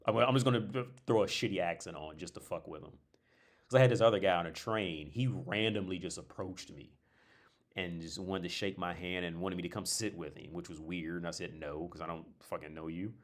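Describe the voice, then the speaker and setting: Deep-voiced young guy, livestream host, rambling and profane. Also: brisk. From North America. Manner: rambling, digressive storytelling with frequent restarts; profane, blunt asides. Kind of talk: casual chat.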